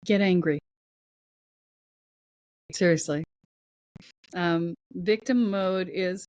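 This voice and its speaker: A woman at a middle pitch gives blunt, emphatic advice as a podcast guest, often in short punchy commands. Her voice comes across dry and close, with no room sound around it. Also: takes it slowly, long pauses, a little mellow, no echo. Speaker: guest spiritual coach. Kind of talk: podcast conversation.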